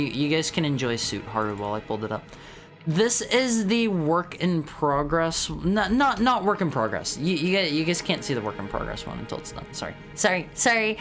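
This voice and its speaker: A man streaming, chatting casually in an animated way, often restarting and repeating words. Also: fairly high pitch.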